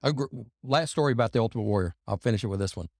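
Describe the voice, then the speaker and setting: A man's voice: on the low side, animated, very fast, dry recording, studio quality. A man guesting on a podcast, telling loose, rambling anecdotes full of fillers and restarts. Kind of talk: casual storytelling.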